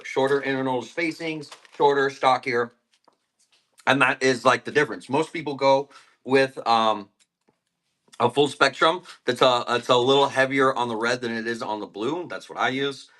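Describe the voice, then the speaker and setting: A man's voice: medium pitch, normal speed, fairly bright tone. A man selling plants on a live stream, chatting casually and rambling between topics while eating. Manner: rambling, laid-back, eating while talking.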